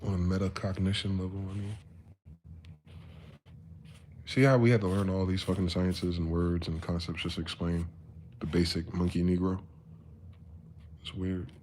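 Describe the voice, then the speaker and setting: A man in his thirties with a lowish voice rambles through a casual live-stream monologue. His talk is loose and profane, sinking to quiet musing and then climbing to loud ranting. Faint room noise sits behind him. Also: little pitch movement, normal speed.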